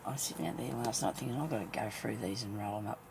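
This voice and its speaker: A woman who makes craft videos, chatting casually to herself while she sews and mumbling, with her voice often dropping into soft half-whispers. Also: rumbling low, quick pace, vocal fry, background noise. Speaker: craft vlogger. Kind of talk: casual talk while stitching.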